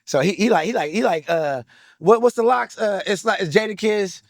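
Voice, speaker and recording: A man in his thirties telling his story in an interview, excitable and hyped, full of "like, like" fillers, street slang and swearing. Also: sits high, normal speed, creaky, no room sound, studio quality.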